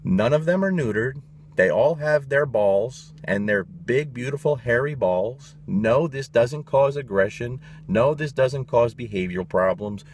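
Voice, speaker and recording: A man's voice: medium pitch, expressive, a little slow, slight background noise. A man, a dog trainer, giving his opinions in a blunt, emphatic casual monologue, swearing freely.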